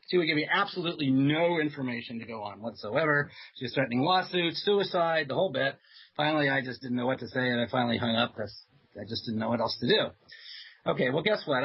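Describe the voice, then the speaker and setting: A man guesting on a talk radio show, telling stories in a loose, chatty way full of ums and uhs. His voice is husky and sits at an ordinary pitch. The audio is dull and lo-fi. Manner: chatty storyteller with many fillers and soft laughs. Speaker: psychiatrist guest. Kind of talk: radio interview anecdote.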